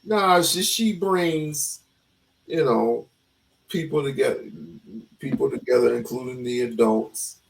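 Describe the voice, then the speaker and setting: A man's voice: mid-range voice, creaky, breathy edge, poor audio. A man hosting a casual talk, firing questions and restarting his sentences. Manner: quick questions, repeats and restarts. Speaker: talk show host. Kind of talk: casual debate chat.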